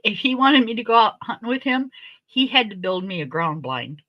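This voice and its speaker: Lively, laughing woman telling a story. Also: on the high side, moderate pace, no room sound, lo-fi sound. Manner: animated, laughing often, swearing freely. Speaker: host. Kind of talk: casual storytelling chat.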